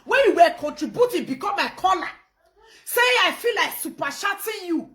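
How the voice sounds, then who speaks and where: A woman with a Nigerian Pidgin English accent, hosting a casual live stream, animated and laughing, with loud outbursts between quiet phone chat. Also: very high-pitched, normal speed.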